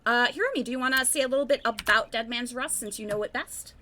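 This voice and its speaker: A woman hosting a tabletop game stream, reading out announcements in a casual, rambling way. Her voice is high and bright, and she chats along easily. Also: fast talker, a little hiss or hum. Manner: chatty, rambling with fillers. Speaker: stream host.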